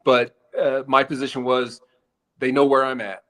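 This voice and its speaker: An older man speaks at a middle pitch as a guest in a casual interview. He explains his position steadily and without hurry. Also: flat delivery, fairly bright tone. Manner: measured, explains his reasoning. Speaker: retired FBI agent guest.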